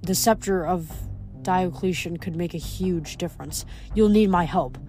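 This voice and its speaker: A woman reading the lines of a gloomy, creepy young male son of the death god, quiet and ominous, in a storybook reading. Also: fairly low pitch, a little slow, soft background music, close to an everyday voice.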